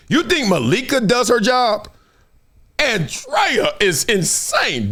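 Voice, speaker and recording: A middle-aged man hosts his own show, chatting casually in animated, slangy talk. He laughs often, and his pitch jumps quickly.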